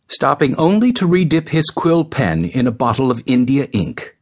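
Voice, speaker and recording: A husky, medium-pitched man narrates an audiobook at a moderate pace, delivering the story in an expressive, dramatic way.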